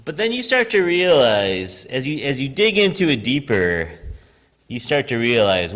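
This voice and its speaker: Pastor giving a relaxed sermon, lively swooping pitch, chatty, laughs a lot, long church reverb. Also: male voice, a little slow. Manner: chatty, self-deprecating, laughs often, animated storytelling. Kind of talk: casual conversational sermon. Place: church sanctuary.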